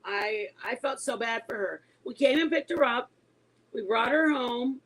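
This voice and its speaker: A woman in her forties with a high, breathy, husky voice, telling a story casually to her viewers. She talks emphatically and keeps insisting she's telling the truth. She laughs easily as she goes. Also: a little slow, poor audio. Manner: animated and emphatic, insisting she is not lying. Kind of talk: casual storytelling to an online audience.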